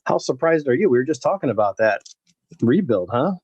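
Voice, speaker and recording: This man's mid-range, darkish voice is gravelly and husky, with a brisk, sing-song delivery. He runs a live baseball card break, rambling and speaking to viewers by name as packs get opened. There's no echo, and the sound is lo-fi.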